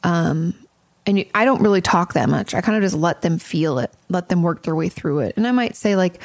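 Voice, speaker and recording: A woman's voice: on the low side, a little fast, vocal fry, no echo. A woman therapist hosting an advice podcast, talking in a chatty, frank way and swearing casually.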